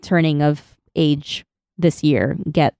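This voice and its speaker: A woman's voice: low-pitched, fairly even intonation, slow pace, vocal fry, dark tone, smooth, no echo, clean studio sound. A woman co-hosting a podcast, chatting casually and laughing as she reads out her notes. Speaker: podcast co-host. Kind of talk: casual chat recapping an anime.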